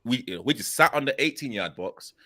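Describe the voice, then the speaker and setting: A man's voice: medium pitch, animated, quick pace, sharp tone. A man hosting a casual video chat, talking eagerly and filling his speech with "literally" and "like". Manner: enthusiastic, repeats "literally" and "like" a lot.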